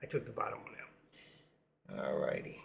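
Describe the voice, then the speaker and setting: A hoarse man hosting a live trading stream, rambling casually to himself and his viewers as he works through charts. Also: measured pace, slight background noise. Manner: rambling, talks to himself while working charts. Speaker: livestream trading host.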